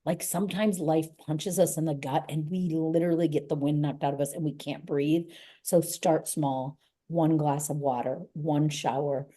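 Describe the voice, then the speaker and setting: A middle-aged woman with a low, mellow voice speaks as an interview guest. She sounds earnest and emphatic, gently urging listeners on. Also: fairly even intonation, normal speed. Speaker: guest, author and gym owner. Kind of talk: motivational interview talk.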